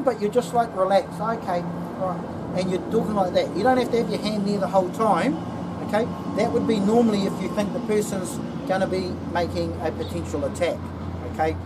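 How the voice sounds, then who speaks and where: A woman giving a casual security training demonstration, often checking in with "okay?". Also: mid-range voice. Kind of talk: instructional demonstration. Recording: distant mic with background noise.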